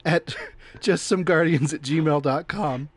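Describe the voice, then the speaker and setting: A man hosting a casual podcast, talking loudly and playfully and laughing often. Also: fairly high pitch, takes it slowly, breathy edge, no room sound. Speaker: podcast host.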